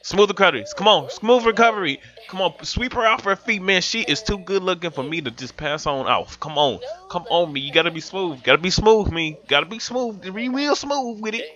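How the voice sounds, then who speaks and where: Young male gaming commentator, loud and profane, very animated pitch, dull lo-fi mic with faint music. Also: brisk, hardly any pauses. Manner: loud, excitable, swings between yelling and muttering. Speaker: gaming YouTuber. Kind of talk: profane comic gameplay commentary.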